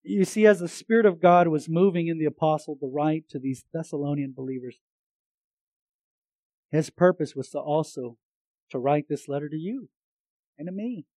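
Man preacher, high-pitched, dry close mic, moves from loud to hushed and jokes between points. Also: moderate pace, pauses often, no echo, poor audio. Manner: swings between loud emphatic lines and hushed earnest ones. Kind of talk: sermon.

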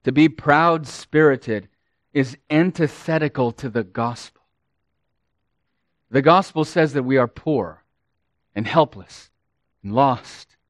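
Slow, emphatic male preacher. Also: on the high side, fairly bright tone, dry recording. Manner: slow, emphatic preaching with swells and drops in volume. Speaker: pastor. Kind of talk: sermon.

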